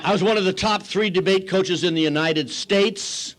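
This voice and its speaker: Older man, AA speaker, slightly high voice, dry self-mocking storyteller who mimics the people he quotes. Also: moderate pace, fairly bright tone. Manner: wry, self-mocking humor. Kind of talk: recovery talk storytelling.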